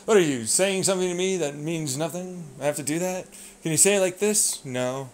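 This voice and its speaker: A man in a rambling, profane vlog rant that swings between low muttering and loud outbursts. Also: a little fast, slight background noise. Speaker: vlogger. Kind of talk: ranting monologue.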